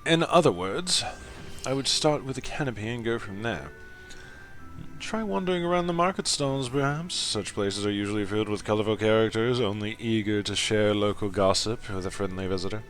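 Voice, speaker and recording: A man's voice: on the low side, lively intonation, moderate pace, soft background music, lightly acted. A man voicing a polite young male scholar in a put-on fancy accent while reading game dialogue aloud. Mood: earnest.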